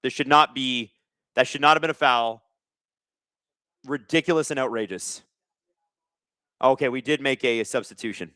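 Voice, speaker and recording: A young man hosting a live watch-along, reacting to the game with sarcastic, excitable commentary. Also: mid-range voice, normal speed, pauses often, clear, resonant tone, no room sound, studio quality. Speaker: live stream host.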